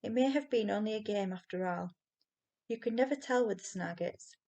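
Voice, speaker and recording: A woman reading a children's novel aloud with expressive storytelling. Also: medium pitch, normal speed. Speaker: reader.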